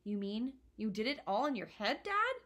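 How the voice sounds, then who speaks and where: A woman's voice: fairly high pitch, big pitch swings, moderate pace, a bit bright. A woman doing an eager, admiring boy. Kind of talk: storybook read-aloud.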